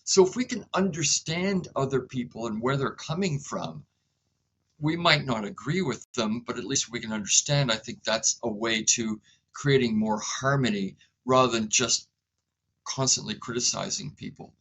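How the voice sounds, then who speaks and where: A man being interviewed as a guest, speaking in a calm, reflective way and sometimes acting out short dialogues between people. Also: medium pitch, normal speed, husky, low-quality recording. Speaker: inventor and guest. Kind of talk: conversational interview.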